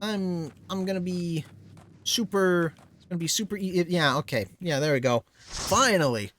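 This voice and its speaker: A man's voice: high voice, moderate pace, a bit bright, a little hiss or hum. A man streaming a video game, giving casual joking commentary as he plays. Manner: playful, joking.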